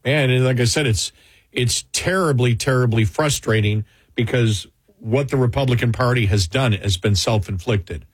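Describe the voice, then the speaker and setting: A man discussing politics on a talk show in a heated, indignant manner, with a husky voice. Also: mid-range voice, moderate pace, no room sound.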